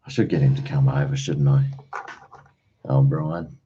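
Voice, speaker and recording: Deep-voiced Australian man chatting. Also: fairly even intonation, a little slow, warm tone, a little hiss or hum. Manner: rambling, chatty, uses slang and mate. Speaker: livestream host. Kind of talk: casual chat with live viewers. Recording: dull lo-fi stream audio.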